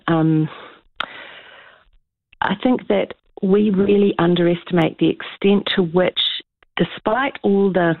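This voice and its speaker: A woman's voice: fairly low pitch, no echo. Earnest woman on a tinny phone line. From New Zealand. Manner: measured, earnest explaining with frequent ums. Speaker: political scientist guest. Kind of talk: radio interview over the phone.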